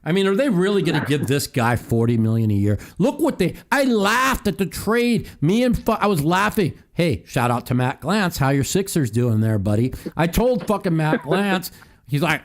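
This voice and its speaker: A man's voice: a little high, very animated, moderate pace. A man hosting a call-in talk show, ranting heatedly with profanity and mocking quotes.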